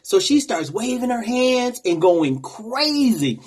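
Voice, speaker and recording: A man with a rather high, husky voice tells a story straight to camera. He talks casually and animatedly, as if chatting with viewers. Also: sing-song, slow pace. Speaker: vlogger.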